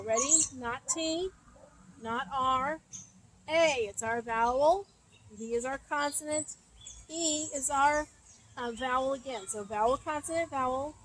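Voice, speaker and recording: A woman's voice: high-pitched, slight background noise. A woman teacher giving a recorded lesson, patient and methodical, spelling words out letter by letter with frequent um fillers. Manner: frequent um fillers, thinking aloud.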